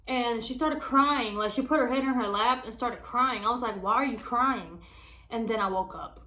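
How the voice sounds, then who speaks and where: A woman's voice: a little high, a bit bright, reverberant, low-quality recording. A woman telling a personal story to her viewers in a casual, chatty way, calling them y'all and using many fillers. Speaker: vlogger. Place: small room at home.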